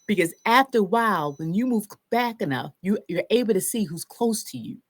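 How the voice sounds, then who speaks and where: A woman therapist telling a personal story in a casual, animated way, acting out her own shouts and self-talk. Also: mid-range voice, a little fast.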